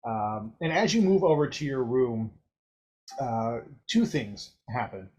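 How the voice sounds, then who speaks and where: A man's voice: mid-range voice, expressive, takes it slowly, a little mellow, muffled recording. A man narrating a tabletop game as game master, chatty and descriptive, with fillers and light laughter between lines.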